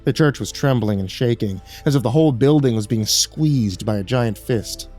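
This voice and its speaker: A man's voice: medium pitch, normal speed, darkish tone, faint music behind. A man reading a horror story aloud in a dramatic storytelling manner. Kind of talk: scripted horror narration.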